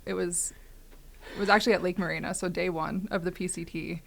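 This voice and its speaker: A woman with a low voice and a heavy gravelly fry talks as an interview guest. She is low-key and easygoing, with light laughs now and then. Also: steady tone, a little fast, a bit bright. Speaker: guest, thru-hiker. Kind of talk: casual interview chat.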